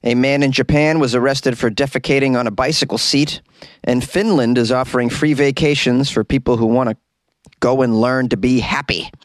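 A man's voice: mid-range voice, steady tone, normal speed, no room sound. Rambling comedic man from Boston. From Boston, USA. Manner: rambling, joking, digressive. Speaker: podcast host. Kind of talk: comedic news commentary. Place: small closet.

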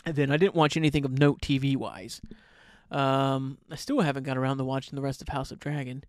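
This podcast host speaks in a mid-range voice that's a bit fast, somewhat mellow and fairly even in intonation. Alone on his casual show, he rambles, swears offhandedly and often lets sentences trail away, captured at studio quality with no room sound.

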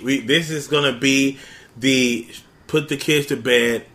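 A man hosting a casual podcast, hyping the episode with drawn-out intros. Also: mid-range voice, bright, forceful tone. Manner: laughing, drawn-out hype intros. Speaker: podcast host. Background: faint theme music.

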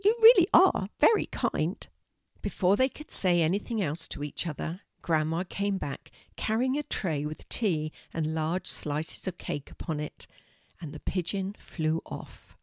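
Low-voiced woman reading a story. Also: unhurried, no room sound, clean studio sound. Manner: steady, gentle narration. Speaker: author and storyteller.

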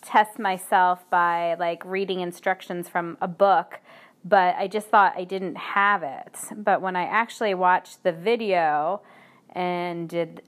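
Slow-talking, slightly hoarse woman podcaster. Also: fairly low pitch, fairly even intonation. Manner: chatty, filler-heavy, unhurried. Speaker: podcast host. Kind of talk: casual podcast chat.

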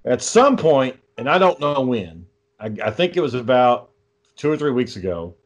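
A young man chats casually and recounts a story with heavy swearing. His delivery is exasperated and ranting, at an ordinary middle pitch. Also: very animated, moderate pace. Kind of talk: casual chat.

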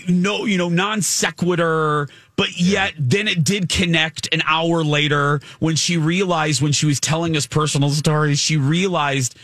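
A man co-hosting a morning radio show, telling a story in an animated way and laughing often. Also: on the high side, measured pace, few pauses, no room sound, studio quality. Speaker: radio co-host. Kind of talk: casual morning radio chat.

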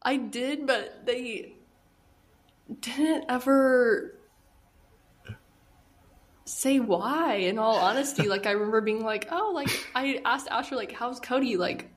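A young woman in her twenties with a fairly high voice hosts a casual chat. She is blunt and laughs easily, tossing in a swear word here and there. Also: slow pace, long pauses. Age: 20s. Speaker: podcast host.

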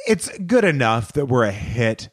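A man co-hosting a podcast in casual chat, animated, swinging from loud remarks to low muttering. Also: a little slow. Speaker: podcast co-host.

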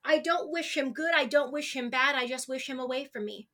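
A young woman in her twenties with a bright, ringing voice pitched a little high. She talks as a podcast guest, open and candid. She often stops and restarts her sentences as she speaks. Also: a little fast. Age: 20s. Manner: open and emotional, frequent restarts. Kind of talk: candid conversational interview.

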